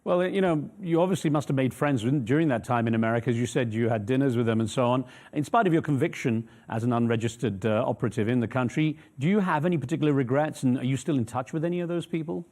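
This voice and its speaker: A man's voice: medium pitch, quick pace, hardly any pauses, a little mellow. A man interviewing a guest for a news channel, asking long, probing questions. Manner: probing, rambling questions with fillers.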